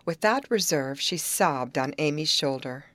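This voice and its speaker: A woman narrating a novel aloud in an expressive, varied way. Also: deep voice, a little slow, dry recording. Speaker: audiobook reader. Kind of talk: scripted narration.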